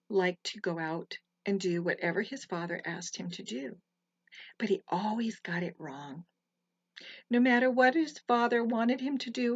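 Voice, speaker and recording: A woman telling folktales to children in a soft, gentle way, with hushed asides. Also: fairly high pitch, breathy edge, no echo. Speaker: storyteller. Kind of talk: storytelling for children. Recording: slightly muffled, dry recording.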